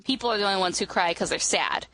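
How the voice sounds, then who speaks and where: A woman in a casual podcast chat, wry and rambling quickly through trivia. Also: medium pitch, expressive, fairly bright tone, low-quality recording.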